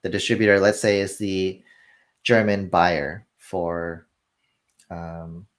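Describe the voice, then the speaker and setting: Interview guest, male, low voice, animated storyteller who plays out the dialogue himself. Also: slow pace. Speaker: film industry guest. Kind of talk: casual conversational explanation.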